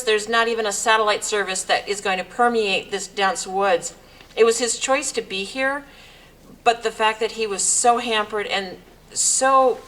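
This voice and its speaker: A woman's voice: a little high, a bit bright, rough recording. A woman hosting a civic event, introducing the next speaker with a conversational story. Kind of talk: public introduction at a podium.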